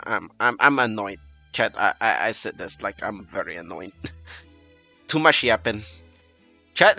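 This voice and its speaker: Man, streamer, casual rambling, frustrated, bright voice. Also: medium pitch, no echo. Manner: rambling, frustrated, swearing, many fillers. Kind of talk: casual live-stream chat.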